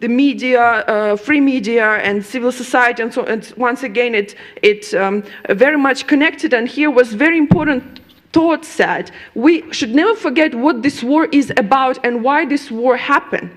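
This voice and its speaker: Hesitant woman, higher voice. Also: moderate pace. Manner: hesitant, searching for words. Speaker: panelist. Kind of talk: conference panel remarks.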